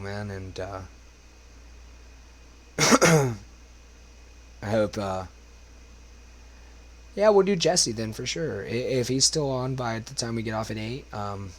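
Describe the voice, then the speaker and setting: A young man chatting loosely on his livestream between karaoke songs, rambling and swearing often, his voice worn from smoking. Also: on the low side. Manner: rambling, swears a lot, talks to chat. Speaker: karaoke streamer. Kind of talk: casual livestream chat.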